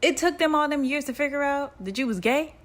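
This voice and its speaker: A woman playing a brash father, loud and incredulous, rushing through his lines with a rough, offhand bluntness. He sounds amused rather than angry. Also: medium pitch, expressive, close to an everyday voice.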